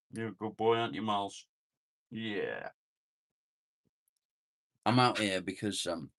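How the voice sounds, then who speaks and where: A man's voice: fairly low pitch, fairly bright tone, dry recording, studio quality. A man hosting a casual live stream outdoors on a phone, chatting with viewers, humming and muttering to himself as he reads the chat. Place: outdoors, sitting in a chair near the house.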